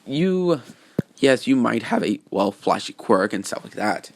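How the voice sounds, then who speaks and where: A man voicing an earnest, determined teenage boy hero who talks in halting restarts. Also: medium pitch, very animated, creaky, slight background noise.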